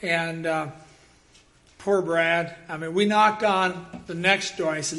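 A man preaching a sermon as pastor, telling personal stories in a lively way and bursting into loud acted quotes. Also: on the high side, takes it slowly.

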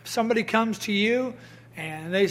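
A man with a strikingly high, fairly bright voice preaches a sermon at normal speed. He tells stories, quotes voices and reads scripture aloud, building into emphatic, raised bursts.

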